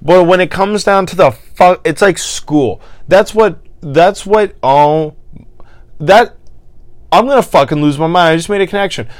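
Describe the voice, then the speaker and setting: In this casual ranting monologue, a frustrated young podcast host vents solo and swears a lot. The recording is dry with no room ambience, his voice smooth and clean at a measured pace, lurching from loud exasperation down to quiet, beaten muttering.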